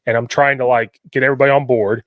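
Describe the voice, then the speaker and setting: A man hosting a podcast, telling coaching stories in an animated way and often quoting himself. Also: mid-range voice, fast, dry recording, phone-quality sound. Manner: animated storytelling, quoting himself, repetitive questions. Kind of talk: casual podcast conversation.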